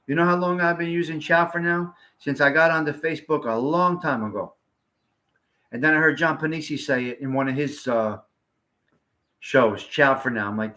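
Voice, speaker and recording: On a casual livestream, a man with a mid-range, pushed, bright voice chats to viewers bluntly and ramblingly, swearing freely.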